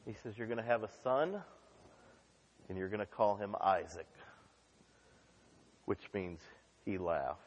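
Guy preaching hard, goes quiet then loud, lots of hall echo. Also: lowish voice, a little slow, pauses often, slightly rough, muffled recording. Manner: impassioned preaching, swinging from hushed to shouted. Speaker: pastor. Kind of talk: sermon. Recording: long reverb of a large hall.

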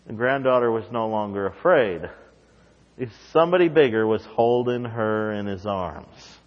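A male pastor delivering a sermon, dropping to soft, low asides and then climbing into loud, ringing emphasis. His voice carries a long reverb tail, like a large sanctuary. The sound is somewhat dull and muffled. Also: normal speed.

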